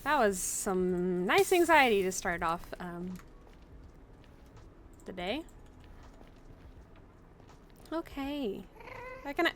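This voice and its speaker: Chatty, excitable young woman gaming. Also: medium pitch, takes it slowly, long pauses, slight background noise. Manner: chatty and excitable, swinging into panicked yelps. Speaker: gaming channel host. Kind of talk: Minecraft let's play commentary.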